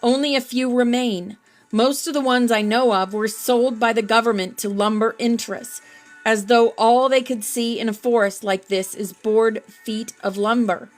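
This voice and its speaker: A woman's voice: on the high side, steady tone, unhurried, faint music behind, close to an everyday voice. Friendly, fit middle-aged male researcher read by a woman, plain reading. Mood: earnest. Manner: plain reading, hardly changed from her narration.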